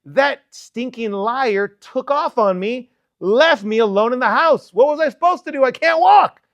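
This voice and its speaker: A frantic lame young man pleading his case before a king, as a preacher puts him on, his voice pushed up high and rushing. The sound is dry and close, with no room ring at all. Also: lively intonation, a bit bright, no room sound, full character voice. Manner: pleading, high-pitched, rushed.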